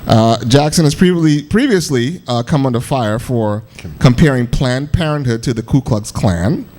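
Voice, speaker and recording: A man's voice: mid-range voice, normal speed, a little mellow. A man co-hosting a casual talk show, laughing and mocking as he reads quotes aloud. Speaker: co-host. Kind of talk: casual podcast banter.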